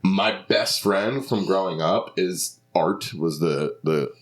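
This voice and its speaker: A man telling casual podcast stories, animated, acting out other people's lines in shifting voices. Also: sits low, slow pace. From Philadelphia. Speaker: stand-up comedian.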